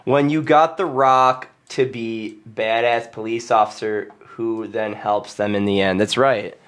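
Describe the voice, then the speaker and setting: A man's voice: on the low side, fairly even intonation, unhurried, a bit bright, clean tone. Laughing, swearing male podcast host. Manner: profane, laughing storyteller who says "dude" constantly. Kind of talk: casual chat.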